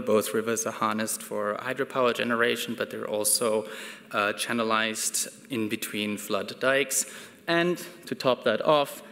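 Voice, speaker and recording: A man giving a measured symposium talk, pausing often with ums and restarts. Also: mid-range voice, a bit bright. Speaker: conference speaker. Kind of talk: academic presentation. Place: conference hall. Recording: reverberant hall.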